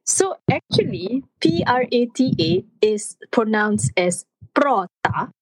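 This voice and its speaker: A woman's voice: fairly high pitch, takes it slowly, husky, no room sound, low-quality recording. A woman hosting a casual studio segment, explaining words of the day and acting out her own surprise. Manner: animated, acts out her own reactions. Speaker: host teaching words of the day. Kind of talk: casual studio chat, language lesson.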